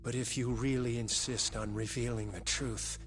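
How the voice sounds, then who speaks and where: A man's voice: mid-range voice, fairly even intonation, moderate pace, close to an everyday voice. An actor playing a tense, guilt-ridden male scientist who talks in a hesitant, earnest way, in dubbed game dialogue. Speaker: research scientist. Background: dramatic game music.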